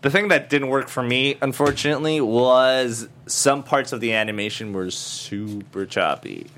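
Young man co-host, ordinary middle pitch, loose rambling talk with a teasing streak. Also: normal speed, fairly bright tone. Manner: rambling, lots of fillers, playful teasing. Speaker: podcast co-host. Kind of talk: casual review chat.

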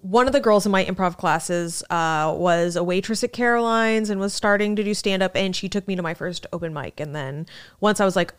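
Smooth-voiced woman comedian, chatty. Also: on the low side, fairly quick. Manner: rambling, swears freely, acts out quotes. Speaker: stand-up comedian, podcast guest. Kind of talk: casual chat.

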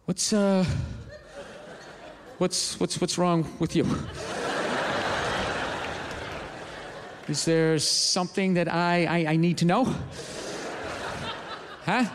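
A man voicing a sign-language gorilla that turns somber and asks halting, stammering questions in a low voice. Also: fairly even intonation, long reverb tail, background noise. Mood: wary. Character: male gorilla, suddenly somber and suspicious.

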